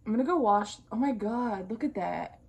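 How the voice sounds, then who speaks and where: A woman's voice: medium pitch, expressive, normal speed, vocal fry, darkish tone, muffled recording. A young adult woman vlogging, chatting casually through a storytime while she does her skincare, slangy and profane with comic asides.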